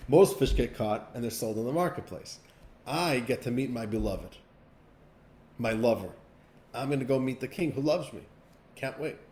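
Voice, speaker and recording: A man voicing a naive, excitable pike fish in a storytelling lesson. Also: medium pitch, moderate pace, pauses often, roomy sound, natural voice. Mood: gleeful. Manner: gushing, then panicked.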